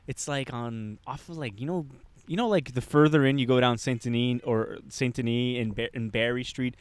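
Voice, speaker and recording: A man's voice: mid-range voice, moderate pace, clear, resonant tone, no room sound. A young man co-hosting a podcast, telling a long rambling story in casual chat, swearing often and acting out the lines of the people in it. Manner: rambling, animated, swears a lot, acts out quotes. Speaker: podcast co-host. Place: Montreal.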